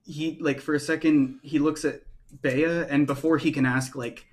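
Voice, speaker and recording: A man's voice: on the high side, steady tone, moderate pace. A man narrating as game master, rambling and loose with many fillers.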